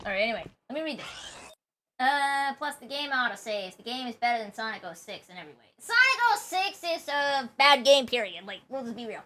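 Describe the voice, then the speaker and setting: High-voiced chatty woman streamer. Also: very animated, fairly quick. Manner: chatty, reads chat aloud, self-mocking. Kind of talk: casual gameplay commentary. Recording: loud game music behind.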